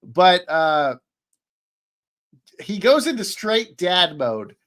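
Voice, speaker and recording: A man on a streamed podcast call, recapping an anime in a rambling, excitable way, full of fillers and restarts. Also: sits high, extremely slow. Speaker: podcast panelist. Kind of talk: casual chat, recapping an anime.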